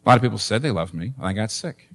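A man's voice: fairly low pitch, lively intonation, racing, fairly bright tone. A man preaching a sermon as pastor, emphatic, repeating phrases and asking rhetorical questions. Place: church.

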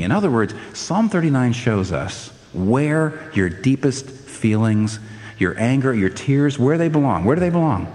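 Older man preaching in a reverberant hall. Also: a little slow. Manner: animated, rising to emphatic high peaks, with frequent restarts. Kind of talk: sermon.

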